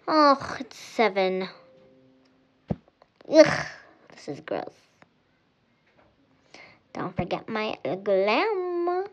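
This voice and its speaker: A woman's voice: mid-range voice, exaggerated voice. A woman voicing a spoiled, whiny rich girl who drawls "like" and groans often in a game role-play.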